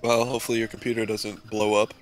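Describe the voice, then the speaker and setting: A young male co-host with a stuffy, nasal voice from being sick. He talks low and easygoing, agreeing with his partner in casual gaming chat. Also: flat delivery, quick pace, noisy background. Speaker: podcast co-host.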